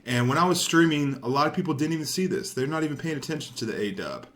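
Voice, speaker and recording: A young man giving casual, rambling commentary over gameplay, swearing freely and getting easily excited. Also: fairly high pitch, quick pace. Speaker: gaming commentator.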